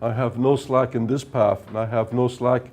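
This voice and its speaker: Mellow-voiced man lecturing step by step. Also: medium pitch, fairly even intonation, moderate pace. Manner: explaining step by step, rhetorical "right?". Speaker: workshop lecturer. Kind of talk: technical lecture at whiteboard.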